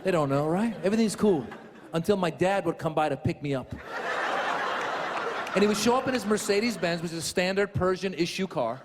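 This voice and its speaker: A man's voice: high voice, brisk. A man doing a stand-up set, chatty and repeating his punchlines for the crowd. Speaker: stand-up comedian. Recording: big hall reverb, crowd and noise.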